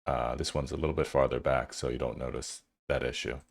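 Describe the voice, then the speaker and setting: A man's voice: a bass voice, fairly even intonation, fairly quick, creaky, dry recording, studio quality. A man hosting a tech channel, giving loose, casual commentary over his screen and thinking aloud with fillers.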